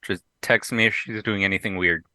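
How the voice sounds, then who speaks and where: Bright-voiced man thinking aloud at the table. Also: on the low side, steady tone, brisk, no room sound. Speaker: player. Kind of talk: tabletop role-play.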